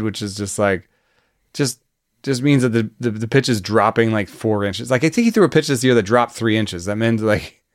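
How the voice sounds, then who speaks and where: A man's voice: mid-range voice, no room sound, studio quality. A man talking baseball on a casual podcast, chatty and laughing often, full of fillers and restarts. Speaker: baseball analyst.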